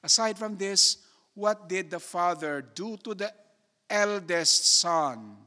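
A man preaching a sermon, slow and emphatic, putting rhetorical questions to his congregation. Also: sits high, expressive, bright, forceful tone. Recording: long hall reverb.

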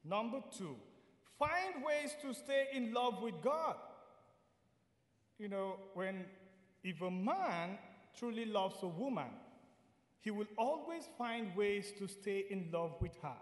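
A man from Nigeria preaching a sermon, earnest and repeating key phrases, sometimes singing lines slowly. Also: sits high, expressive, echoey room, in a large hall.

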